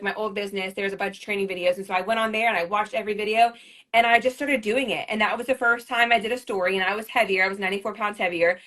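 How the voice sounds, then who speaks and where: A woman's voice: on the high side, fairly bright tone. A woman in her thirties telling her story on a livestream, rambling and repeating herself as she gets emotional. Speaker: MLM leader on a livestream.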